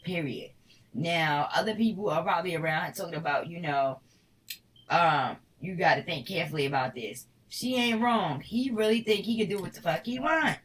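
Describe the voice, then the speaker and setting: A woman's voice: on the low side, moderate pace, a bit bright, distant mic, poor audio. A woman from Harlem with a New York accent, giving a casual tarot reading in a blunt, slangy, profane way. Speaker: tarot reader.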